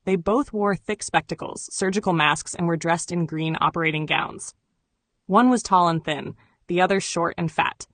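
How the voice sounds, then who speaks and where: A woman narrates a first-person memoir in an even, measured delivery. Her voice sits slightly low, and the recording is dry and close with no room sound. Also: no room sound. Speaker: audiobook narrator.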